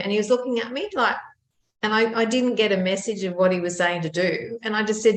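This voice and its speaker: Animated woman telling a story. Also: medium pitch, brisk, reverberant. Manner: lively, animated retelling with laughs. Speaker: podcast co-host. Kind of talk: casual storytelling chat.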